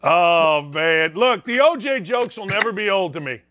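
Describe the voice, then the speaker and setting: A middle-aged man hosting a sports talk show, energetic and quick to laugh. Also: high-pitched.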